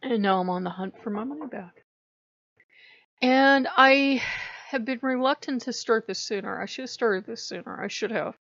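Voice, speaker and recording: A woman's voice: fairly high pitch, moderate pace, creaky, fairly bright tone, dry recording. A woman ranting in a casual vlog, swearing a lot and sounding fed up. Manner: profane, exasperated venting. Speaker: vlogger. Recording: dull lo-fi sound.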